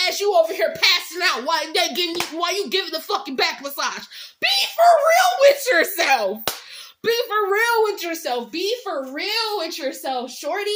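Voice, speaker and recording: A woman's voice: extremely high pitch, bright, forceful tone. A young woman in a heated motivational rant, blunt and profane, hammering home each point by repeating it with growing force. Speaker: vlogger giving life advice.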